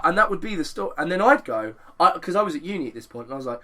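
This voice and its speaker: A young man rambling through a casual podcast chat, swearing freely and piling on asides. His voice is bright and sits a little high. He tells stories with lots of energy. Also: fast. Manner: rambling, sweary, animated storytelling. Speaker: podcast co-host.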